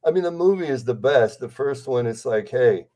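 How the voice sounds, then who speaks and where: This sixties-aged celebrity impersonator, guesting on a podcast interview, has a mellow, medium-pitched voice with lively intonation and a moderate pace. His talk is rambling and enthusiastic, and he often drifts into impressions.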